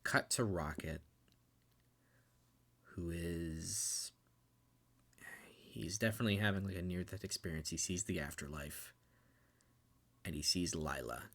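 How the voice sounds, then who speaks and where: Young male co-host, very low and gravelly, loose run-on recap with heavy swearing. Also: measured pace, long pauses, a bit bright. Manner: emotional, swears freely, loose run-on retelling. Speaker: podcast co-host. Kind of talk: casual movie recap chat.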